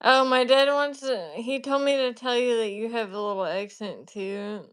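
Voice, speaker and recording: A woman's voice: fairly high pitch, fairly even intonation, normal speed, clean tone. A young woman from Alabama with a light Southern accent, chatting casually on a live stream and passing along her father's remarks. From Alabama, USA. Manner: relays her father's remarks, laughs often. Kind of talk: casual chat.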